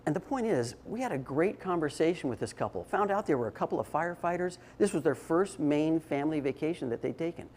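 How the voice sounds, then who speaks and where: A man's voice: on the high side, animated, quick pace, hardly any pauses, a little mellow, a little hiss or hum. An older man giving a short, informal talk to an audience, telling stories in a conversational way with restarts and fillers. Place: indoor event space.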